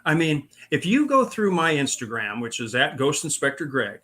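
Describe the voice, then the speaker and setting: A man's voice: a little high, sing-song, moderate pace, sharp tone. A man telling his own paranormal stories in a rambling way, with many fillers and restarts. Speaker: paranormal investigator guest. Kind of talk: casual storytelling.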